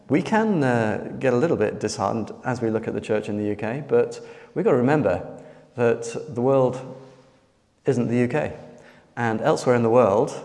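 A man delivers an earnest sermon in a slightly hoarse voice, pausing often between phrases. His voice rings in a hall with long reverb. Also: mid-range voice, a little mellow. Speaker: preacher.

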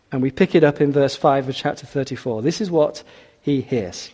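A man preaching a sermon, expressive, rising for emphasis and dropping quiet for scripture. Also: medium pitch, moderate pace, slightly rough, long reverb tail.

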